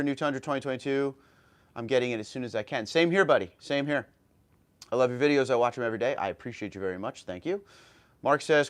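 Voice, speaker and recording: A man hosting a casual home livestream, greeting viewers by name and reading their comments aloud in a friendly way. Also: medium pitch. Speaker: livestream host. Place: home room.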